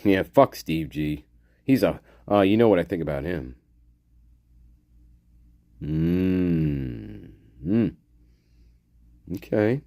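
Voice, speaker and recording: A man's voice: on the low side, big pitch swings, takes it slowly, gravelly, long pauses, mellow, no room sound, studio quality. A man hosting a casual livestream, swearing and ranting angrily, then muttering to himself as he reads the chat. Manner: profane angry ranting; muttering while reading chat. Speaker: livestream host.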